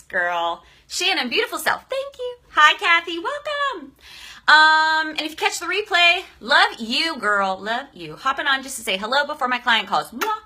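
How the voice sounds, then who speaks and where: A bright, effusive woman hosts a casual live stream, calling out viewers by name. Her voice sits a little high and sounds emotional and shaky, full of feeling.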